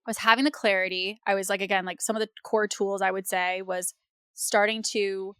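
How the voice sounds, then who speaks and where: A woman hosting a podcast, talking in a casual, animated and rambling way with lots of fillers. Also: medium pitch, a little fast, clear, resonant tone, no echo, clean studio sound. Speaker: podcast host. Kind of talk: casual conversational interview.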